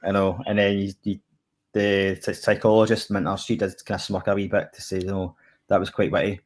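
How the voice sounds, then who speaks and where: A man's voice: low-pitched, flat delivery, fairly quick. A Scottish man co-hosting a chat about a TV episode, talking loosely with lots of fillers. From Scotland. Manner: rambling, filler-heavy, lots of "kinda" and "like". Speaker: podcast co-host reviewing TV. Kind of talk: casual chat.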